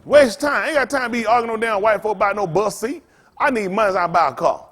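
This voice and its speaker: A man's voice: sits high, fast talker, fairly bright tone. A man preaching to his congregation in a blunt, profane, rambling style, trading call-and-response with the room. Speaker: pastor.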